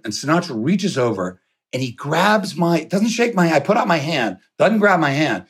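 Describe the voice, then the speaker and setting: A middle-aged man with a husky, slightly rough voice tells a story in an animated way. His pitch jumps around a lot as he acts out the scene and laughs, with the odd curse thrown in. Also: normal speed. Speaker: podcast guest. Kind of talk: storytelling anecdote.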